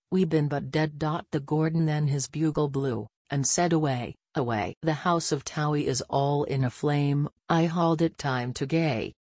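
A man reciting an old ballad in measured, rhythmic verse, voicing Scots dialect words. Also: a little high, a little mellow, no room sound, clean studio sound. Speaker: poetry reader.

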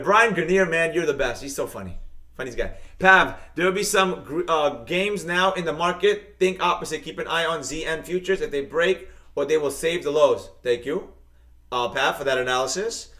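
A high-pitched, bright-toned man runs a live market lesson for his viewers. His talk is hyped and repetitive, and he keeps answering chat comments as he goes. He chants his catchphrases again and again. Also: normal speed. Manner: talks straight to viewers, reading their comments. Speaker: trading teacher hosting a live stream.

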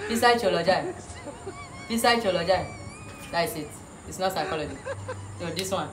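A woman's voice: on the low side, normal speed, pauses often. A woman doing a comic teacher act, bossy in a mock way and teasing, repeating words with laughter. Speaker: comedian playing a teacher. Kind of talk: comic classroom sketch. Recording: noisy background.

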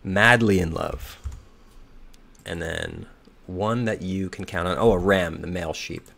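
Slow, gravelly man muttering through a puzzle. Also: sits low, steady tone, a bit bright. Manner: muttering, hesitant, reads clues aloud and second-guesses. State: slightly hoarse. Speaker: crossword solver. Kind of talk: thinking aloud while solving.

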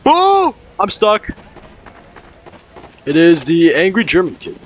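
A man's voice: fairly high pitch, expressive, slow pace, dull audio, slight background noise. A young man casually commenting on his game as he plays, rambling and repeating himself, with sudden startled outbursts. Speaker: gaming commentator.

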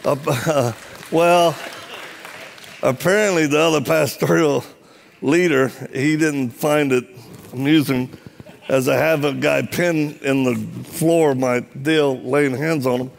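A man's voice: on the high side, slow pace, gravelly, some chatter behind. A middle-aged man preaching in a church, telling funny stories and acting out the other people's lines. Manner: animated, joking storyteller acting out dialogue. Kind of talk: sermon with comic storytelling.

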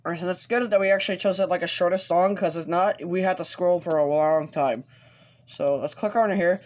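Guy doing a casual screen tutorial on his computer mic, lots of um and restarts, kinda halting. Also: sits high, darkish tone. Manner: hesitant, halting, with many fillers and restarts. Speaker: tutorial host.

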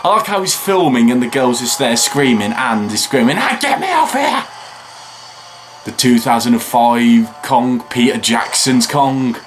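A tired man hosting a video reaction, rambling and chatting with frequent excited remarks and laughs. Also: mid-range voice, normal speed, few pauses, noisy background. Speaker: reaction channel host. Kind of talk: casual video reaction commentary.

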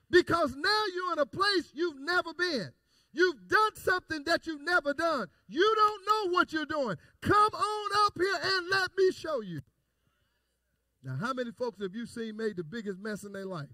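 A male pastor preaching a call-and-response sermon, repeating phrases and building to shouted emphasis. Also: very high-pitched, lively intonation, normal speed, no echo, studio quality.

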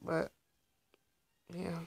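A man giving casual gameplay commentary, talking to his viewers in a rambling, heartfelt way. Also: very slow. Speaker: gaming video creator.

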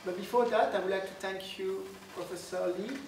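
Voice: mid-range voice, fairly even intonation, fairly quick. A guest speaker with a French accent gives a talk to a full lecture room without a microphone, projecting the voice. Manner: unamplified, speaking up to a full room, light laughs. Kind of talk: lecture followed by Q and A. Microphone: no microphone, recorded from far off. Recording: roomy, distant, noisy with no microphone.

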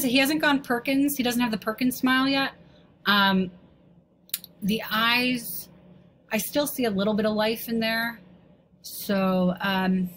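A woman's voice: mid-range voice, a bit bright, a little hiss or hum. A woman hosting a comedy show, giving a snarky, rambling commentary with frequent stammering restarts. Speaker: host. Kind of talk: mocking commentary on selfies.

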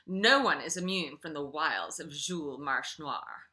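A woman's voice: low voice, expressive, moderate pace, pushed and bright. A woman reading aloud and voicing a cool, guarded young American woman who answers in a clipped way.

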